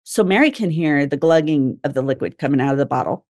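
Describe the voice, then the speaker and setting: A woman's voice: deep voice, lively intonation, fast, a little mellow, no echo, clean studio sound. A young adult woman co-hosting a podcast, recounting a true crime case casually, with frequent swearing and laughter. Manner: swears and laughs while recounting grim details. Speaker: podcast co-host.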